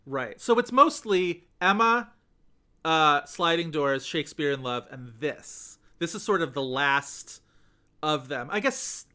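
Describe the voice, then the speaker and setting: A male podcast co-host chatting casually, rambling through asides and fillers. His voice is bright and a touch high. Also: lively intonation, slow pace, clean tone. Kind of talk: casual chat.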